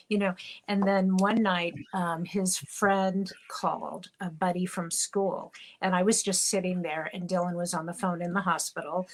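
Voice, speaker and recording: A woman's voice: on the low side, a little hiss or hum, low-quality recording. Candid middle-aged woman telling her story. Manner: candid, gets choked up at moments. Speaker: interview guest, actress and mother. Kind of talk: emotional personal storytelling.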